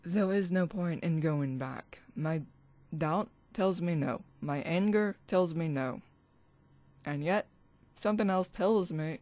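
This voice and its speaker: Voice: mid-range voice, unhurried, darkish tone. A spiritual vlogger ranting alone into a computer mic, agitated and rambling, restarting sentences and swearing. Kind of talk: ranting vlog monologue.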